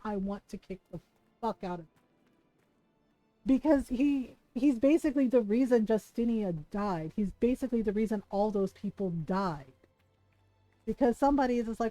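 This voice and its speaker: A woman streaming games, talking in a loose, exasperated rant with plenty of swearing and laughter. Her voice sits a little high but has a soft, mellow tone. She acts out the characters she quotes as she complains. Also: poor audio. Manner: exasperated ranting, swears freely, laughs often. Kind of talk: casual live-stream gaming commentary.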